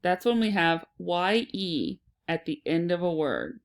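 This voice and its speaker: A woman teaching a phonics lesson to children, sounding out and repeating words slowly and deliberately. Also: on the low side, sing-song.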